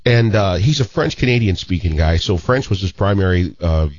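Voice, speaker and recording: A man in his fifties from St. Louis telling a long story in a casual, animated way, often restarting his sentences. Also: sits low, normal speed, dull audio. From St. Louis, Missouri.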